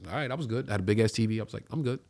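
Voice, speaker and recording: A man's voice: lowish voice, racing. A man telling a long story on a casual talk show, acting out what others said and swearing freely. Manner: animated storyteller, acts out quoted voices, swears freely. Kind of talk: casual storytelling among friends.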